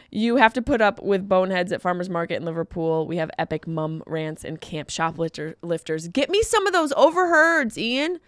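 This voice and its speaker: A woman comedian hosting her podcast, talking casually and jumping into high, loud exclaims. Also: smooth, no room sound, studio quality. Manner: animated, jumps into high exclaims.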